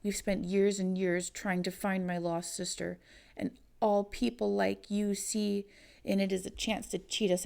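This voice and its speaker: A woman's voice: lowish voice, vocal fry. A woman voicing an angry young woman who accuses the visitors of cheating her grieving family. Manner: sharp, accusing, near screaming.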